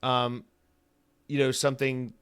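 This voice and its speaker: Guy rambling through his solo podcast, goofy tangents, pitch sits in the middle for a man. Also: completely flat delivery, measured pace, fairly bright tone, clean tone. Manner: rambling, jokey, full of comic tangents. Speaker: podcast host. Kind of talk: casual solo podcast monologue.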